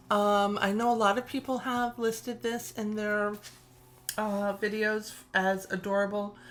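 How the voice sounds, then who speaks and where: A middle-aged woman with a New York accent, chatting casually in a vlog, gushing and laughing often. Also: mid-range voice. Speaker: tarot deck collector and reviewer.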